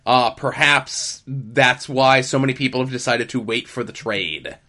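A man's voice: mid-range voice, a little slow, bright, forceful tone. A young man co-hosting a casual comics podcast, chatting wryly and running through news. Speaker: podcast co-host. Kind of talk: casual chat.

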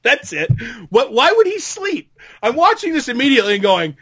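Casting note: high-pitched man as a jokey, excitable podcast co-host in casual banter. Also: husky. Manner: excitable, jokey, quick to mimic others. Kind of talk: casual chat.

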